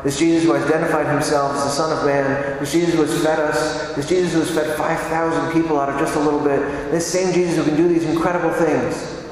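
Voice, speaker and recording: A man's voice: medium pitch, a little hiss or hum. A man giving a conversational sermon, asking rhetorical questions and repeating phrases for emphasis. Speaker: preacher. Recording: echoey hall, voice from far off.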